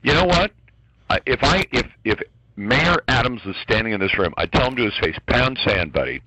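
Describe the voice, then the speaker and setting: A man's voice: medium pitch, sing-song, brisk, pushed and bright, dry recording, poor audio. A man speaking as a guest commentator on a radio talk show, ranting in a heated, emphatic way.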